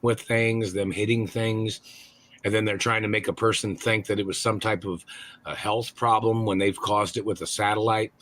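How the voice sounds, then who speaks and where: A man with a lowish voice and a hard, forceful edge unloads a furious, profane rant. He shouts and curses through his accusations, pushing each line with tension and force. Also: fairly even intonation, moderate pace. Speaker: caller on a livestream.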